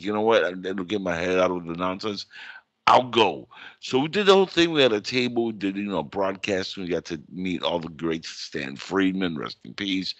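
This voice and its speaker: A man hosts a casual podcast conversation in a fairly low voice. The sound is dry and close with no room around it. He tells his stories in an animated way and jumps into a much higher voice whenever he quotes someone else. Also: no echo, highs cut off. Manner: animated storyteller, acts out other voices in high pitch. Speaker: podcast host. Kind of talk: casual chat.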